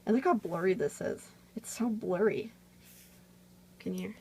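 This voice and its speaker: A woman talks her way through a drawing tutorial in a loose, meandering chat, full of fillers. Her voice sits at an ordinary middle pitch. It is recorded on a phone camera. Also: a little slow, darkish tone, slight background noise, rough recording. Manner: rambling, chatty, many fillers.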